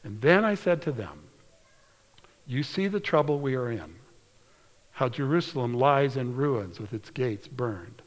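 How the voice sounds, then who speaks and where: Reading scripture aloud in earnest, this male pastor preaches with a sing-song, mid-range voice, slowing or falling to a whisper to stress points. A long hall reverb colors the sound.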